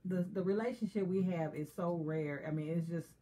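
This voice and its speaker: A woman with a slightly low voice co-hosts a relaxed chat. She speaks candidly and confessionally, and laughter keeps breaking through her talk. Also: brisk. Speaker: co-host. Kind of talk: casual chat.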